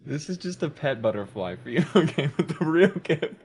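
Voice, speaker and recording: A man's voice: on the high side, big pitch swings, moderate pace, a little mellow, breathy edge. A young man chatting on a live game stream, teasing and giggling gleefully. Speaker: streamer friend. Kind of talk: casual game-stream chat.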